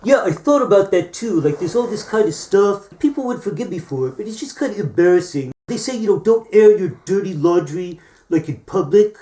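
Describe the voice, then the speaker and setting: A woman's voice: medium pitch, expressive, brisk, dark tone. A woman improvising a playful, musing scene without a script.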